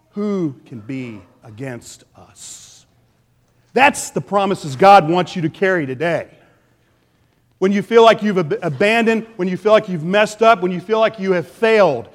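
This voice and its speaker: A man preaching a sermon with passion, swinging between loud and hushed delivery. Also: high-pitched, big-room sound. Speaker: pastor.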